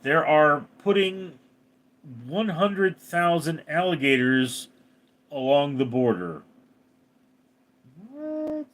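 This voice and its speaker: A man hosting a casual livestream, reading out commenters' names and chatting back to them. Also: on the high side. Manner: reads commenter names then answers, animated.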